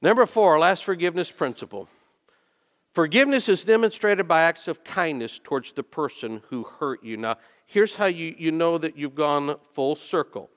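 A male pastor preaching a sermon and telling stories, dropping soft and then rising into loud, emphatic bursts. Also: a little high, lively intonation, normal speed. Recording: long reverb of a large hall.

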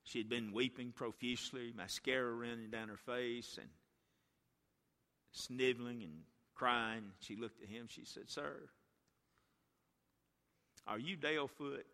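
A man preaching a revival sermon as a guest speaker in a church, telling a story and building to impassioned shouts. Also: mid-range voice, level tone, measured pace. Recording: long church reverb.

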